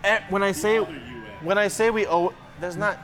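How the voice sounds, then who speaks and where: Slightly high-voiced man, joking podcast host. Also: lively intonation, measured pace, over music. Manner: profane, joking storyteller. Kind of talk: casual sports banter.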